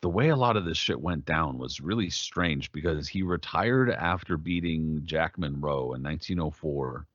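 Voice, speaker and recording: A man co-hosting a podcast, telling a story in casual chat, profane and animated, slipping into quoted voices. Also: a bass voice, moderate pace, hardly any pauses, dry recording, lo-fi sound. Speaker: podcast co-host.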